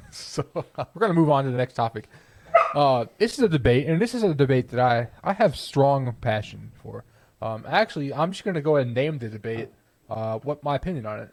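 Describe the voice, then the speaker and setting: In a medium-pitched, slightly mellow voice, a young podcast co-host chats casually and defends his views with playful confidence. He's opinionated, and his thoughts sometimes trail off into restarts. There's no echo.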